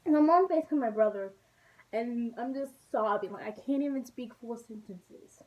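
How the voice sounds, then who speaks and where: A woman from Texas telling a storytime vlog, chatty and animated, and often laughing. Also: on the high side, measured pace. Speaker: vlogger. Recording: distant mic with faint background noise.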